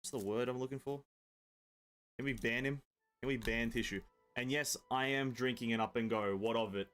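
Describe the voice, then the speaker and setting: A man's voice: mid-range voice, moderate pace, a bit bright. A man from Europe streaming a video game, chatting casually with his viewers, swearing freely and bantering with them. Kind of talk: casual live-stream chat while playing.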